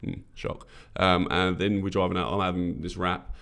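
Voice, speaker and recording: A man co-hosts a fitness podcast in casual chat. His voice sits low with a gravelly edge, and he rambles through stories with plenty of restarts and fillers. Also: flat delivery, moderate pace, fairly bright tone. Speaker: podcast co-host.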